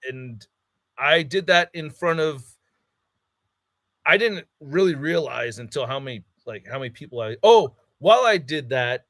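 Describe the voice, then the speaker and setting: A man's voice: fairly high pitch, lively intonation, unhurried, a bit bright, dry recording, studio quality. Heated, cursing male podcast storyteller. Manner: heated storytelling, heavy swearing, acts out quotes. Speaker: podcast co-host. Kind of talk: casual chat.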